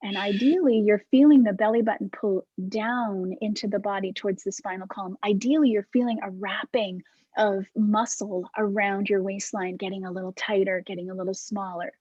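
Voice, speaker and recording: Woman teaching a movement class over video call: breathy, gentle, unhurried cues. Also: medium pitch, dry recording, dull audio. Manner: calm, soft-spoken cueing with breathy demonstrations.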